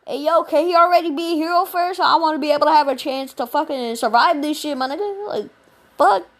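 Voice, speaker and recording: A woman voicing a crowd of shocked teenage classmates, loud, incredulous and profane, in a casual spoken story. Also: sits high, brisk, voice pushed up.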